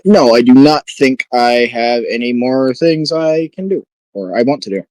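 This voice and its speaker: A man playing in a tabletop role-playing game, measured and thoughtful, with frequent fillers as he describes his actions. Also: mid-range voice, darkish tone, dry recording, low-quality recording. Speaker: player.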